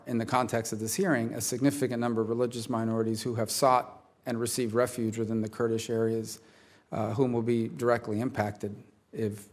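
A man, a senator, questioning a witness at a hearing, speaking in a measured way with many hesitations. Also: lowish voice.

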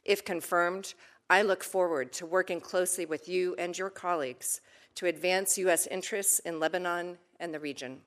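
A woman in her fifties from the United States, reading prepared testimony at a committee hearing in a measured, earnest way that turns emotional at times. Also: fairly low pitch, steady tone, a bit bright. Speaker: ambassador nominee testifying.

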